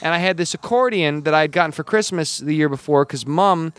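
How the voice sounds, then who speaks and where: Lively American male comedian, dry sound. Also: fairly high pitch, fairly quick, clean tone, no echo. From United States. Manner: lively storyteller who acts out quoted voices. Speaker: comedian guest. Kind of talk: casual interview chat. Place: comedy club showroom.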